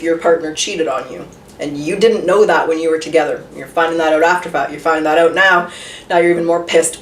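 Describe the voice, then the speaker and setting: A woman giving a casual tarot reading, talking chattily with lots of rhetorical questions and the odd swear word. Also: fairly low pitch. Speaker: tarot reader. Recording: roomy echo, voice a bit far from the mic.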